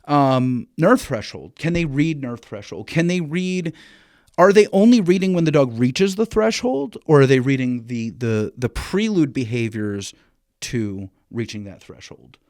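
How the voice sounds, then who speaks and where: A blunt, animated man talks shop on a casual podcast, restarting his sentences and swearing freely. His voice is mid-pitched. The sound is dry and close, with no room echo. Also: measured pace. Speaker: expert dog training decoy, guest.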